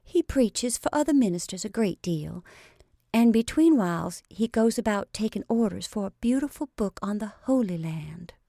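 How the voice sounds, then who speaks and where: A woman reading aloud voices a shy, polite thirteen-year-old girl who turns defiant, speaking softly and eagerly, sometimes in a whisper, in a dry room. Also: mid-range voice, expressive, normal speed, gravelly, dry recording. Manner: soft, eager, at times whispered.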